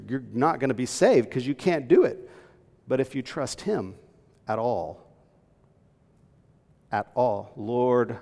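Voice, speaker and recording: A man preaching with a gravelly, creaky voice, reading verses and teaching with earnest emphasis. His voice carries a long reverb, as if in a large hall. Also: mid-range voice, a little mellow. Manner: earnest teaching, reading scripture aloud, rising to emphatic peaks. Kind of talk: sermon.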